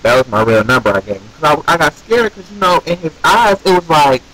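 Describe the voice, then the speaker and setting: A young man telling a story to his viewers in a casual, animated way, swearing and ranting with rhetorical questions. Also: fairly high pitch, brisk, few pauses, rough recording. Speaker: vlogger.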